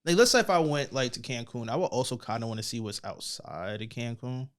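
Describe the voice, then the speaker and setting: Man, podcast co-host, casual banter, slangy, lively swinging pitch, trailing mumbles. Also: brisk.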